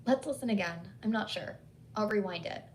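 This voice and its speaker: A woman voicing an eager young female ghost hunter, excited and frightened at once. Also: mid-range voice, a little fast, close to an everyday voice.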